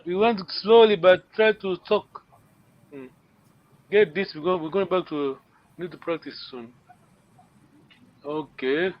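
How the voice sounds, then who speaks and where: A man teaching a language class online, patient, often checking understanding with a quick question. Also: sits high, lo-fi sound.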